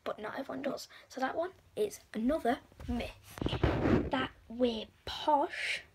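An English woman talking casually to camera as a vlogger, rambling with quick self-deprecating asides. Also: sits high, a little hiss or hum. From England.

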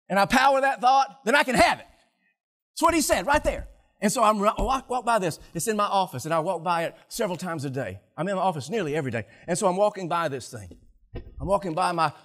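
An older man, a pastor, preaching a sermon to his congregation with animated delivery and audience banter. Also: high-pitched. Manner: animated, laughing, talking to the congregation.

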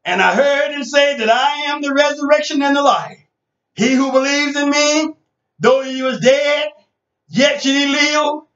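A high, bright-toned man whoops his Easter sermon in a slow, rhythmic sing-song, a breathy "and, uh" between every phrase. He sounds distant in a roomy church, and the recording is dull and lo-fi. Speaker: pastor. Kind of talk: chanted sermon.

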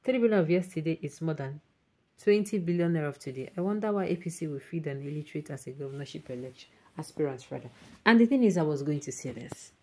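A woman's voice: low voice, lively intonation, fast, mellow. A woman with a Nigerian accent hosting an online news show, reading viewer comments aloud and mixing in emphatic Pidgin asides.

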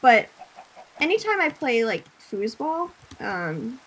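A young woman streaming a game, chatting casually, reading chat aloud, laughing often and breaking into loud screams at enemies. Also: fairly high pitch, big pitch swings, slow pace, husky. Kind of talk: casual gaming commentary.

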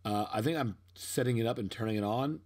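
A man's voice: mid-range voice, quick pace, a little mellow. Young male vlogger, casual voice-over, rambling and self-mocking, prone to sudden outbursts. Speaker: unboxing vlogger.

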